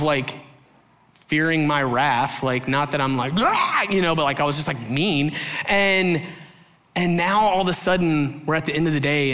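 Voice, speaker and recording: A man's voice: fairly high pitch, pushed and bright, in a large hall. A male pastor preaching a candid sermon, telling a personal story in loose, filler-heavy talk and acting out quotes.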